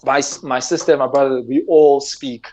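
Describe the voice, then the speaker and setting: A man's voice: medium pitch, steady tone, normal speed, darkish tone. A man from South Africa with a South African English accent, talking earnestly and animatedly in a casual discussion, often repeating words as he presses his point. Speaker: podcast guest, gamer.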